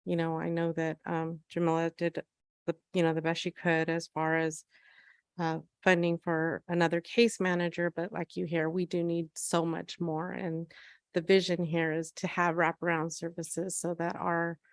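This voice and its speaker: A woman, a shelter program manager, giving an earnest, emotional public comment at a city council meeting, halting often with fillers. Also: on the low side, monotone, no echo, studio quality.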